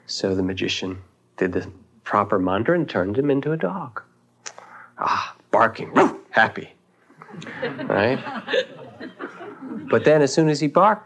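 A meditation teacher gives a dharma talk, telling a teaching story in a reflective, unhurried way with thoughtful pauses. His voice is medium in pitch and expressive.

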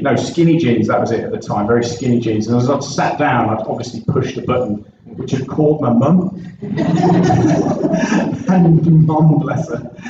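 Pastor preaching in an echoey church. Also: male voice, mid-range voice, background noise. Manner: earnest, conversational preaching. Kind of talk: sermon with opening prayer. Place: church sanctuary. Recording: echoey church recorded from far off, dull sound.

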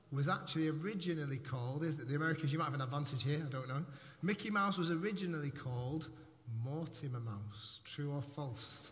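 Playful pastor in an echoey hall. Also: male voice, a little high, bright, forceful tone. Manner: playful, jokey, addressing the congregation. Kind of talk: sermon. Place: church hall. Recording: echoey hall with faint noise.

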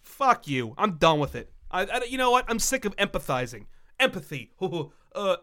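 A man's voice: high voice, sing-song, moderate pace, fairly bright tone, dry recording. A man co-hosting a casual podcast, ranting angrily and swearing often. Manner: profane, angry ranting. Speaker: podcast co-host. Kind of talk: casual chat.

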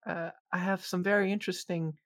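A podcaster voicing a smooth male goblin crime boss in a slow, hushed, hospitable drawl, as a quick impression during casual chat. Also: medium pitch, little pitch movement, no room sound, clean studio sound, pitched above the performer's own voice, lightly acted. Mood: menacing hospitality.

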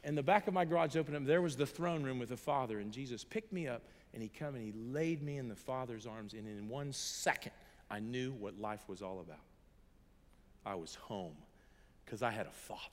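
A middle-aged man, a pastor, giving a sermon built on an emotional personal testimony, moving between hushed and loud passages. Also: medium pitch, a little fast. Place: church hall. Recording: reverberant hall.

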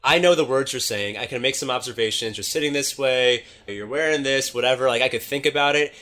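Bright, animated male podcaster; swears freely, casual storyteller. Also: medium pitch, brisk. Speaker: dating coach.

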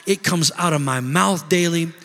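A man's voice: on the high side, moderate pace, fairly bright tone, soft background music. A middle-aged male pastor preaching a sermon, telling a story with many restarts and rising into emphatic bursts. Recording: long reverb of a hall.

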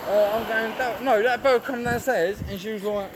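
A man's voice: sits high, steady tone, moderate pace. A young man ranting and swearing at someone on the phone in the street, repeating his complaints over and over. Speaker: passer-by on the phone. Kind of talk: heated phone call in the street. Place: outdoors in the street. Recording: noisy outdoor street recording.

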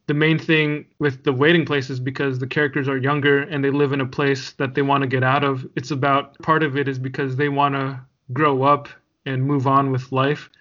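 A man's voice: mid-range voice, level tone, normal speed, few pauses, fairly bright tone. A man co-hosting a podcast, chatting casually and laughing easily. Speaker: podcast co-host. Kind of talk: casual chat. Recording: dull lo-fi sound.

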